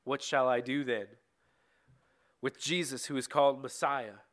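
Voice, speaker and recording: A man's voice: mid-range voice, fairly even intonation, a little slow, a bit bright, lightly acted. A man voicing a weary, insistent Roman governor in a plain read-aloud way, in a bible story reading. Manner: plain read-aloud delivery of quoted speech.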